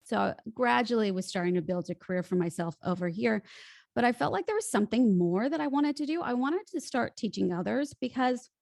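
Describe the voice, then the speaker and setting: A woman's voice: fairly high pitch, brisk, vocal fry, dry recording, clean studio sound. A woman in her thirties with an American accent, a voice coach telling her story in a casual interview. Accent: General American. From United States (Illinois). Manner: animated, storytelling. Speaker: podcast guest, voice coach.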